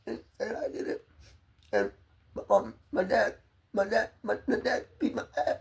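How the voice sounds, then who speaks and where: A man's voice: sits high, normal speed, creaky, long pauses, husky. A man rambling through a profane, emotionally volatile personal monologue to his camera. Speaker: vlogger.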